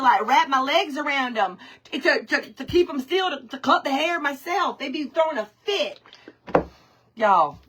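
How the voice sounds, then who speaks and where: A woman's voice: a little high, fairly bright tone, slightly rough. A woman, chatting through a live craft stream, greeting viewers by name and laughing often. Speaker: craft livestream host.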